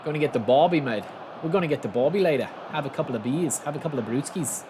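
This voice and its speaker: A man's voice: a little high, lively intonation, fast talker, dark tone, slight background noise, lightly acted. A man doing a jokey mock-Australian bloke. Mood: joking. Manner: jokey, laid-back, exaggerated slang. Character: stereotypical barbecue-loving Australian bloke, male adult.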